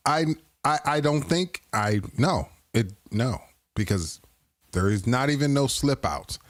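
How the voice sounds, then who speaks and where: A man hosts a live stream and riffs on video clips with crude, playful banter, often laughing at his own jokes. His pitch swings widely as he talks. He speaks slowly, and the sound is dry and close. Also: animated, no room sound. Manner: playful, keeps breaking into laughter. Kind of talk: casual reaction commentary.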